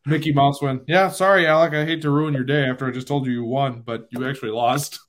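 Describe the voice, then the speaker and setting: A man hosting a casual sports podcast, animated and quick to laugh at himself. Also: mid-range voice. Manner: animated, laughing, self-deprecating. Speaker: podcast host.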